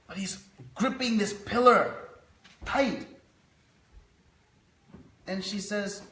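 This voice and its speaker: Slow, high-voiced man lecturing. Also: animated, pushed and bright. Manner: storytelling, illustrative. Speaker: speaker teaching a scripture class. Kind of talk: devotional class lecture. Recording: roomy echo.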